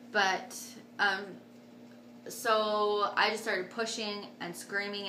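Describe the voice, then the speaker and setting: Bright-voiced young woman telling a story. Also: slight background noise. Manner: animated, acts out quotes with big jumps in pitch and loudness. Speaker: vlogger. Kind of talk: casual storytelling to camera.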